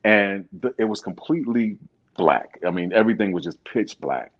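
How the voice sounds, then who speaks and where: A man telling stage stories in a casual interview, animated and laughing often, mimicking other people's voices. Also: on the low side, moderate pace, lo-fi sound. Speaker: guest singer. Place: radio studio.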